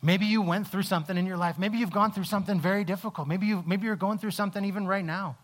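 A man preaching a sermon, telling a personal story with halting restarts, lively in the telling and quiet in reflection. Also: high-pitched. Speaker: pastor.

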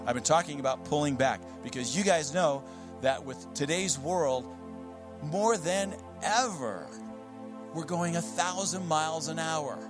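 A man preaching a sermon in a casual, conversational way with light humor. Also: a little high. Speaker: guest preacher.

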